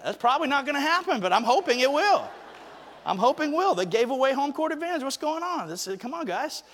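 Male pastor, high bright voice, chatty storyteller turning into emphatic preaching, long hall reverb. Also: big pitch swings, fairly quick, slight background noise. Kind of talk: sermon opening with a personal story. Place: church sanctuary.

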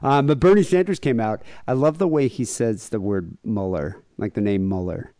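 A man's voice: on the low side, moderate pace, dark tone, no echo, studio quality. A man co-hosting a podcast in casual comedic chat, rambling with lots of fillers and jokey asides. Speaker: podcast co-host.

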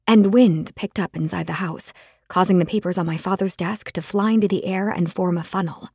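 Husky-voiced woman narrating an audiobook. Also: fairly low pitch, brisk, no echo, clean studio sound. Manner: dramatic, expressive storytelling. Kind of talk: first-person scripted narration.

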